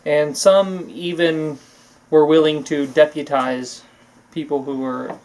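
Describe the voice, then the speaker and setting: A man co-hosting a casual talk show, explaining the week's news in a loose, halting way. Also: fairly high pitch, flat delivery, darkish tone, rough recording. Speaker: podcast co-host.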